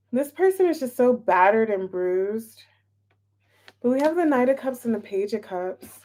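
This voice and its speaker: Slow-talking chatty woman tarot reader. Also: fairly high pitch, a little mellow. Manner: chatty and scattered, repeats herself, greets chat viewers. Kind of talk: casual live tarot reading.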